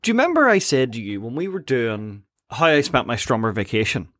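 A young man co-hosting a podcast, recapping a cartoon episode in a chatty, halting way with frequent ums. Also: mid-range voice, very animated, a bit bright, no echo, studio quality. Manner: chatty, laughs often, hesitant with ums. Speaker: podcast co-host.

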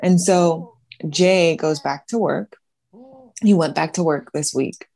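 A woman's voice: sits low, slow, gravelly, dark tone. A woman co-hosting a podcast from home, talking candidly and reflectively in casual chat, with lots of "like". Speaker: podcast co-host, psychologist.

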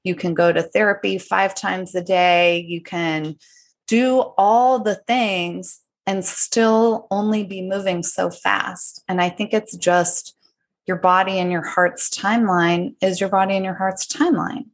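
A woman hosting a podcast, talking in a thoughtful, measured way in casual conversation. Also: medium pitch, fairly even intonation. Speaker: podcast host.

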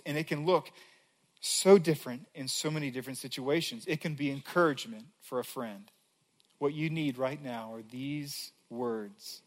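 A man preaching a sermon as a pastor, earnest, reading scripture aloud with building emphasis. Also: fairly high pitch.

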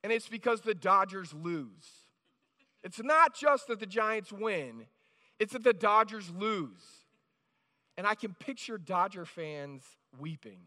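A man's voice: high voice, lively intonation, slow pace, pushed and bright. A male pastor preaching a sermon in a conversational way, often restarting phrases and checking in with the congregation. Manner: conversational, with frequent restarts and "right?" asides. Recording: reverberant hall.

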